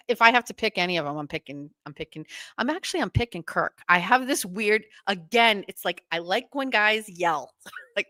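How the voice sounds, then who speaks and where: A woman hosting a podcast, chatting casually in a gossipy, animated way. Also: fairly high pitch, no echo. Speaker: podcast host. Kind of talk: casual chat.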